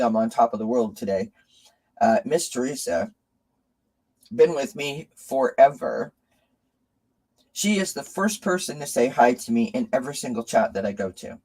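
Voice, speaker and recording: A man's voice: medium pitch, a little mellow, rough recording. A man hosting a live tarot stream, emotionally thanking his viewers and reading their comments. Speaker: tarot reader and channel host.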